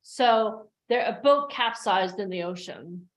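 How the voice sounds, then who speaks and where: A woman's voice: medium pitch, slow pace. A woman coaching an online workshop over a video call, giving a motivational talk and acting out the voices in her stories. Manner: animated storyteller who acts out the voices in her stories.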